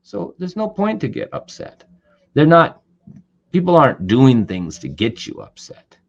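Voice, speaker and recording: A man teaching an online class as an Ayurvedic doctor and herbalist, talking conversationally with many "you know" fillers and animated storytelling. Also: mid-range voice, unhurried, creaky, dull audio. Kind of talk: online webinar lecture.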